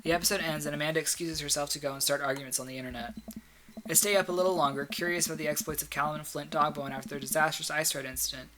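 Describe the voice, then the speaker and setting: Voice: mid-range voice, fairly even intonation, rapid-fire, sharp tone, a little hiss or hum, poor audio. A game streamer reading a visual novel aloud with chatty asides.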